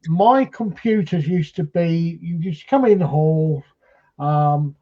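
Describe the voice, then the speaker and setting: A man's voice: a little high, slow pace, muffled recording. A man, a paranormal investigator, telling a rambling first-hand story on a live stream, full of fillers and restarts.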